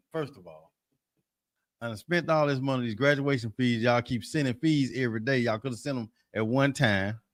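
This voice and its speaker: A mid-pitched man with a drawl, telling stories and ribbing his co-host. He has a joking, easygoing delivery, recorded close and dry. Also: moderate pace, no echo. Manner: joking, storytelling, teasing. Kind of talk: casual chat.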